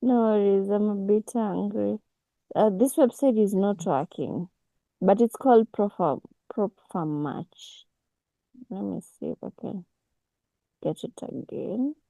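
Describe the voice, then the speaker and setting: A woman, teaching a casual online forex class over a video call, unhurried and full of restarts. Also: medium pitch, gravelly, warm tone, no room sound, low-quality recording. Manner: unhurried, with many restarts and fillers. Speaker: forex mentor.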